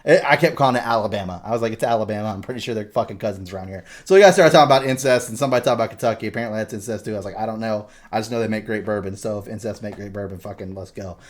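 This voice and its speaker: A man's voice: on the low side, rapid-fire, few pauses. A young man co-hosting a podcast, telling a story with lots of laughter and swearing. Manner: animated storytelling, laughs often, swears a lot. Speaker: podcast co-host. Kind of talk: casual podcast chat.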